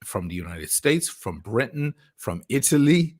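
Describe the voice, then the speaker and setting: A man's voice: medium pitch, big pitch swings, measured pace, a little mellow. A man in a heated livestream chat, ranting angrily and swearing often. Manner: angry, profane, ranting.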